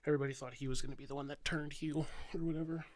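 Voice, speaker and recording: A man's voice: a little high, fairly even intonation, racing. A man co-hosting a podcast, out of breath from being sick, chatting casually and explaining wrestling at length with a bit of swearing. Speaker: podcast co-host.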